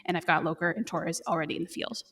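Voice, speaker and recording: A woman's voice: fairly low pitch, quick pace, fairly bright tone, breathy edge. Chatty woman recapping a show. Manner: chatty, recaps scenes with laughs and fillers. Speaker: podcast co-host recapping an episode. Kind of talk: casual chat.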